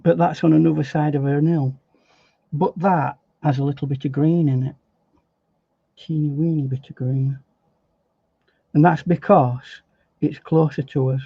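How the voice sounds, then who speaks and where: A man demonstrating painting step by step in a relaxed, chatty way, thinking aloud as he works. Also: fairly high pitch, a little slow, creaky, pauses often, breathy edge, dry recording. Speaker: painting instructor. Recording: dry, slightly dull recording.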